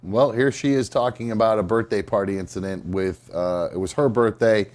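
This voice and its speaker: A man with a somewhat low voice hosts a live talk show. He rambles casually, hedging with fillers and starting his sentences over. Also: normal speed, darkish tone. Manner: chatty, hedging, with fillers and restarts. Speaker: podcast host.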